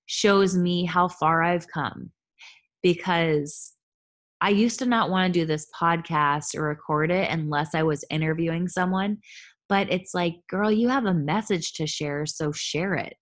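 A woman in her thirties, a holistic health coach, talking candidly and chattily on her own podcast. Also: fairly low pitch. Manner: candid, chatty, animated asides. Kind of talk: solo podcast monologue.

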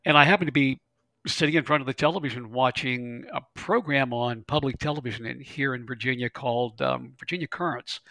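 A middle-aged man tells his stories in a lively, folksy way, stammering now and then. His voice is gravelly and bright. The sound is dry and close. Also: mid-range voice, no room sound. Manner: folksy, animated storyteller with laughs and stammers. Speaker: glider pilot and instructor. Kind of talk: conversational interview storytelling.

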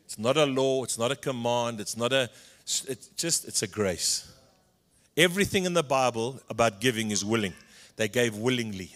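A middle-aged man with a South African accent, a pastor preaching a sermon in an animated storytelling way, dropping in Afrikaans phrases. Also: medium pitch.

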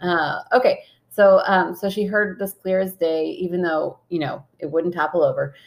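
A woman's voice: lowish voice, steady tone, moderate pace. A woman co-hosting a casual podcast chat, laughing often as she reads out listener messages. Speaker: podcast co-host.

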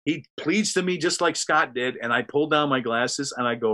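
A man's voice: fairly high pitch, moderate pace, few pauses. A man telling a long, rambling anecdote in casual chat, acting out what people said. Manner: rambling, animated, acts out quotes. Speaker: storyteller guest.

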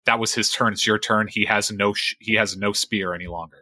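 Male game master, low bright voice, lively narration, dry recording. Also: fairly quick, dry recording.

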